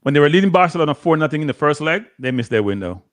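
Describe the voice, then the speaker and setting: A man's voice: fairly high pitch, expressive, rapid-fire. A man co-hosting a live football watchalong, casually chatting in blunt, short, dry remarks. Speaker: watchalong co-host.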